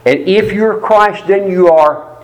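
Guy preaching, slightly high voice, emphatic, storytelling, repeats himself for stress. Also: slow pace, poor audio. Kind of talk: sermon.

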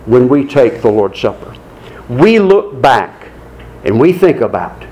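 A man preaching a sermon in an earnest, deliberate way, with slow, dramatic pauses. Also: mid-range voice, poor audio.

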